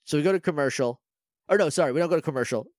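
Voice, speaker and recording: A man co-hosting a podcast, recapping a TV episode in casual chat, animated and sarcastic, cussing freely and acting out the characters' lines. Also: on the high side, rapid-fire, dry recording, clean studio sound. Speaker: podcast co-host.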